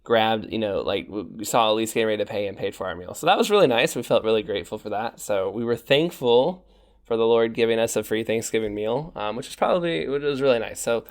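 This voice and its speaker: A man's voice: fairly low pitch, fast talker. A young man co-hosting a podcast, talking casually and chattily with fillers and restarts. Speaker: podcast co-host.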